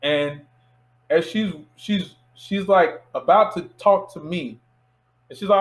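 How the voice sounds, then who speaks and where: Thirtysomething dude from miami telling a story, does the voices, kinda higher pitched. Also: male voice, unhurried, low-quality recording. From Miami, USA. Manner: animated anecdote teller who acts out quoted voices. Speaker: filmmaker guest. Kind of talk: casual interview storytelling.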